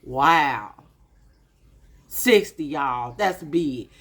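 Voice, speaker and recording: A woman's voice: low voice, animated, drawn-out words, a bit bright, breathy edge. A woman in her late fifties talking casually to camera as a vlogger, musing and chatty, calling her viewers y'all. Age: 50s.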